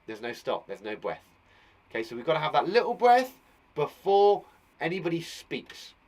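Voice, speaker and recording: A man's voice: on the high side, big pitch swings, moderate pace, a little mellow. A man teaching a children's punctuation lesson online, chatty and playful, with jokes between his explanations. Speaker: primary school teacher.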